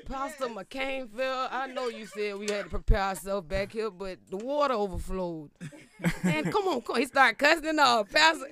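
A woman's voice: fairly high pitch, normal speed, a crowd in the background. A woman telling a comic story, laughing often and acting out the quotes in shifting voices. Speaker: storyteller guest.

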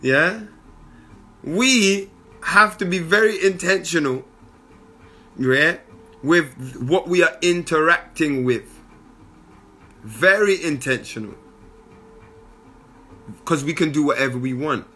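A young man riffs through a casual motivational monologue. His voice is fairly high and very bright. He talks in slang and keeps throwing in quick asides to his listeners. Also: slightly rough. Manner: slangy and animated, with frequent asides.

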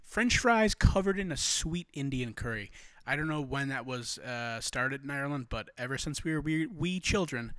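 A young man from the United States hosts a casual podcast, rambling from one joke to the next and swearing freely. His voice sits at a middling pitch, and the recording is dry and close-miked with no room sound. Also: lively intonation, normal speed, fairly bright tone, dry recording. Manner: rambling, profane, joking. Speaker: podcast host. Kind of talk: casual chat.

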